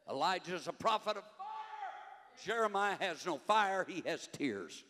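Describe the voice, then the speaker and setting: An older man preaching a sermon, fervent, rising to shouts and dropping low. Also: very animated, unhurried. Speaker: conference preacher. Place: church sanctuary. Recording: long hall reverb, faint music behind.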